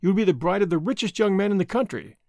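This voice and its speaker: A man's voice: high voice, expressive, quick pace, darkish tone, no room sound, studio quality. A man doing a bold, mocking masked outlaw. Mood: earnest. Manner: defiant, taunting.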